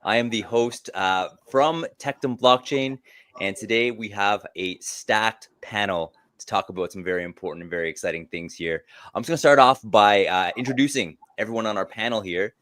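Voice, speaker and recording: Man, panel host, upbeat and effusive, low-ish voice, dry close recording. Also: moderate pace, fairly bright tone, no echo. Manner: enthusiastic, effusive welcomes. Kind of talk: hosting a panel discussion.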